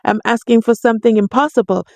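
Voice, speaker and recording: Excitable woman vlogger. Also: on the high side, fast talker, no echo. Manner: excitable, exclaiming, playacting quotes. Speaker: commentary vlogger. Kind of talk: animated reaction commentary.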